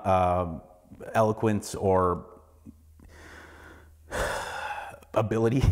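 A man in his forties hosting a solo podcast, ranting heatedly with lots of swearing and repeated words. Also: fairly low pitch. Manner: heated, profane, repeats words when worked up. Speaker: podcast host.

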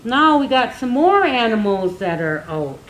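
An older woman, very animated and fairly high-pitched, gives children a slow, gentle lesson, counting, singing, and repeating words for them to say back. The audio is poor, with a slight hiss or hum.

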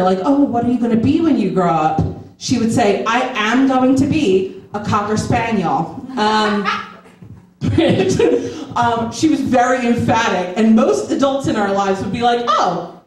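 A woman's voice: mid-range voice, a little mellow. A woman in her thirties doing a chatty, self-deprecating stand-up set in the back room of a shop. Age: 30s. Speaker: stand-up comedian and host. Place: back room of a skate shop, live audience. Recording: echoey room, mic from far off.

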